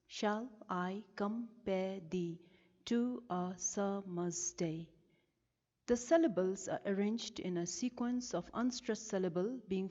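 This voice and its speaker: A woman teacher from Bhutan, giving a recorded lesson and explaining each term slowly and carefully, stressing the key words. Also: mid-range voice, dark tone. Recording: lo-fi with long reverb.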